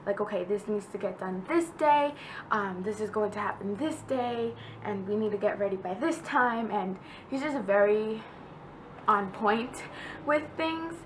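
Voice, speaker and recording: A woman's voice: mid-range voice, unhurried, a little hiss or hum, rough recording. Young female vlogger, chatty, heartfelt, mid-range voice, casual update. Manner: chatty and heartfelt, with many fillers. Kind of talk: casual pregnancy vlog update.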